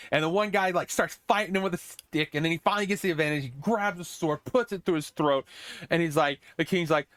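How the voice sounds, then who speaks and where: A man's voice: fairly high pitch, fairly bright tone, dry recording. A young man hosting a podcast, casually recapping an old movie scene by scene, rambling, laughing and swearing as he goes. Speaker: podcast host.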